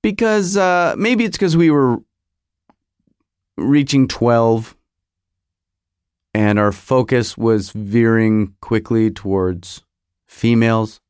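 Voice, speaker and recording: A man's voice: medium pitch, takes it slowly, pauses often, a little mellow, clear, resonant tone, no echo. Rambling, nostalgic American man, dry sound. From United States. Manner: nostalgic, self-interrupting, searches memory aloud. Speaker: podcast host. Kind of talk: rambling monologue.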